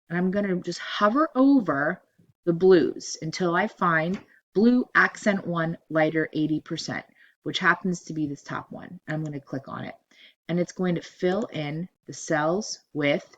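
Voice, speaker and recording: A woman teaching a spreadsheet lesson over a screen recording, giving steady step-by-step instructions and repeating cell ranges as she goes. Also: fairly low pitch. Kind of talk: screen-recorded software tutorial.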